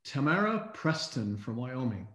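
A man co-hosting a live online recognition event, reading out names in an upbeat way and often clearing his throat, speaking over a video call. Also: medium pitch, sing-song, measured pace, fairly bright tone. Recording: echoey room on a video call.

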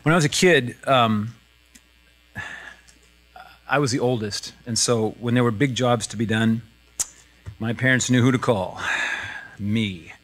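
A middle-aged man pastor speaking in a church, conversational and self-deprecating, with halting restarts. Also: medium pitch, fairly bright tone. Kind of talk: casual sermon talk.

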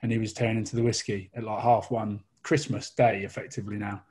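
A man's voice: on the low side, little pitch movement, fast talker, darkish tone, husky. A man telling a long comic anecdote, rambling and laughing as he goes. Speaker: guest storyteller.

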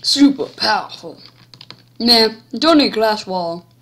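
A woman giving casual, goofy gameplay commentary, cracking jokes and talking playfully in a drawn-out way. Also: mid-range voice, animated, fairly bright tone.

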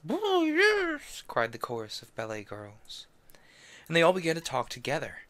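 A man's voice: mid-range voice, expressive, brisk, fairly bright tone. A man reading a classic novel aloud on a stream, tripping over French names, correcting himself and adding brief offhand asides. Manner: adds brief offhand asides between passages. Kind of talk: casual read-aloud narration.

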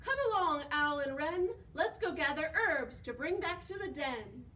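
A bossy storybook raven who caws loud and shrill before barking out orders, as a woman puts him on. The voice sits very high and comes from a distant mic over faint background noise. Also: animated, normal speed. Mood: commanding. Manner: loud, high cawing calls.

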